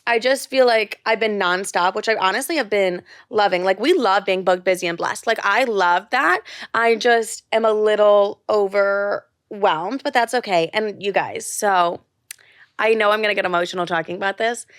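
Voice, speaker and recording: A young woman talks into a close mic on her own podcast, loose and candid, peppering everything with "like" and swearing without a second thought. Her pitch sits mid-range for a woman, and the recording is dry with no room sound. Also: normal speed, fairly bright tone, clean tone, no echo. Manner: candid, gushing, swears freely, lots of "like". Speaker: podcast host. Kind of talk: casual solo podcast chat.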